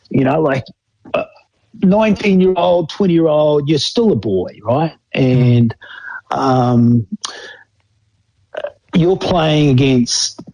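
Man, New Zealand accent, middle-aged, dark warm tone, dry recording, laughs a lot. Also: on the high side, no echo, rough recording. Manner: rambling, laughs often, acts out quoted voices. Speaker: former rugby player guest. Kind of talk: casual storytelling interview.

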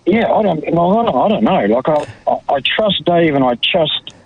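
A man's voice: a little high, expressive, moderate pace, slightly rough, narrow, tinny audio. A man phoning in to a radio show, hesitant and then exasperated as he rants. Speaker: radio caller. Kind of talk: phone-in chat.

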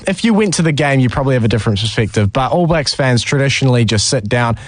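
A man's voice: mid-range voice, animated, fast talker, no echo. Chatty male sports radio co-host. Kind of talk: casual sports chat.

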